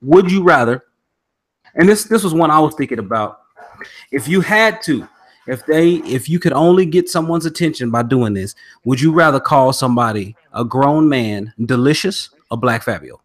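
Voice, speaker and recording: A man hosting a podcast in casual chat, relaxed and steering the talk between topics. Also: medium pitch, moderate pace. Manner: relaxed, steers the conversation, reads chat aloud. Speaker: podcast host.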